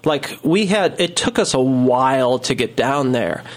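A man's voice: mid-range voice, expressive, unhurried. A man telling a long story in casual chat, rambling with many fillers and restarts. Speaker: storyteller guest.

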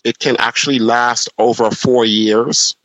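A man's voice: mid-range voice, unhurried, no echo, low-quality recording. A man chatting casually, telling stories with lots of ums and restarts. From Jamaica. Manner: animated storyteller, many restarts and ums. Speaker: podcast co-host, drag performer. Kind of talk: casual chat.

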